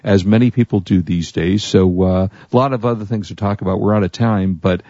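A male tech radio host with a low, gravelly voice who chats in a loose, rambling way. The sound is dry and a little dull. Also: fairly quick, dark tone, no room sound. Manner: rambling, self-correcting, chatty. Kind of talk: casual tech radio talk.

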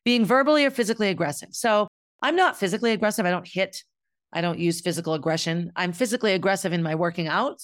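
A woman's voice: fairly low pitch, no room sound, clean studio sound. A middle-aged woman speaking candidly and bluntly in a reflective personal monologue, as the host of her own show. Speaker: podcast host.

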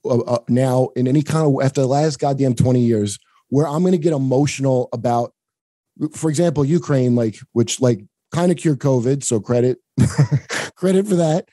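A man's voice: mid-range voice, moderate pace, mellow, no room sound. A man from the United States chatting casually on a podcast, swearing often, rambling with restarts and jokes. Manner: profane, rambling, joking, frequent restarts.

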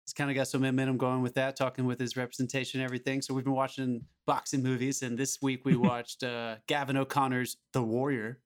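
A man's voice: mid-range voice, flat delivery, quick pace, hardly any pauses. A man co-hosting a casual film podcast, talking with eager enthusiasm and cursing freely. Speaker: podcast co-host.

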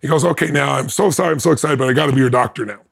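A man who is a podcast guest, telling a personal story in an animated way. He laughs between lines and acts out what other people said. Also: mid-range voice, very fast, creaky, husky.

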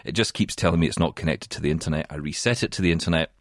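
A man from the UK co-hosting a podcast in casual chat, telling a story in an animated way and often laughing. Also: rumbling low, very fast, dry recording, studio quality. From United Kingdom. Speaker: podcast co-host.

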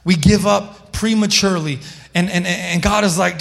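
A man's voice: high-pitched, steady tone, normal speed, vocal fry. A male pastor preaching a sermon with passion, calling on people in the congregation by name. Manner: impassioned, calls on listeners by name. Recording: long hall reverb.

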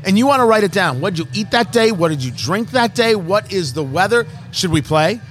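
A man's voice: high-pitched, lively intonation, a little fast, fairly bright tone. A man from Brooklyn and New Jersey hosting a casual cigar review chat. He talks in a brash, joking, showman-like way and teases his co-host. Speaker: podcast host.

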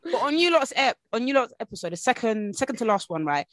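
A woman's voice: a little high, very animated, fast, a bit bright, no room sound. A woman hosting a casual podcast chat, talking in loose, rambling sentences full of fillers and restarts. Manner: chatty, storytelling, hedging with fillers. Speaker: podcast host.

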